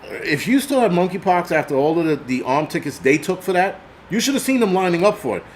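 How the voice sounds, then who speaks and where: Man, angry profane rant, host monologue, somewhat high pitch. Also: big pitch swings, a little fast, slight background noise. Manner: angry, swearing, ranting. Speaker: channel host.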